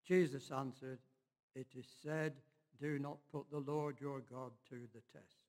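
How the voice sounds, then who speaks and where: A man giving a measured, unhurried Bible reading in church. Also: medium pitch, fairly even intonation, darkish tone, in a large hall. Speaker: scripture reader.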